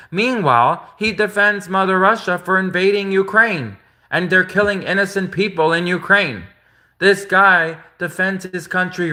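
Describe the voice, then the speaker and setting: Guy ranting on his vlog, fired up and repeating himself, kinda high voice, sharp and punchy. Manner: indignant, repetitive, rambling with restarts. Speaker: vlogger. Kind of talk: casual ranting monologue.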